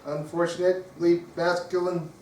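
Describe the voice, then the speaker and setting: A young podcast co-host joking around in quick, playful banter. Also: medium pitch, flat delivery, distant mic. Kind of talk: casual group chat. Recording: echoey room from off-mic, clear noise.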